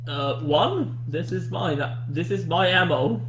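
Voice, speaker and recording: A man jokes as a player in a tabletop game and keeps breaking in with excited remarks. His voice is a little higher than most men's. The sound is roomy and echoey. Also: slow pace, slight background noise. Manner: joking, excitable interjections. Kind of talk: casual tabletop play.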